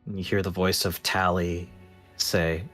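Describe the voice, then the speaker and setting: A man narrating as game master of a tabletop role-playing game, speaking in a hushed, measured way. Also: level tone, soft background music. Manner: slow, low and hushed when narrating, livelier in banter.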